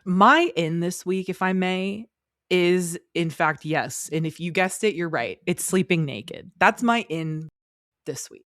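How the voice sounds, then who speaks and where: A woman co-hosting a podcast in casual chat, telling stories in an animated, jokey way. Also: lowish voice, measured pace, dry recording, studio quality. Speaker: podcast co-host.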